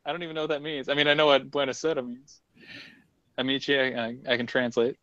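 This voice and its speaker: A man's voice: medium pitch, little pitch movement, fast talker, a bit bright, no echo, highs cut off. A man co-hosting a casual sports chat, blunt and swearing freely as he argues his points in bursts. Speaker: podcast co-host.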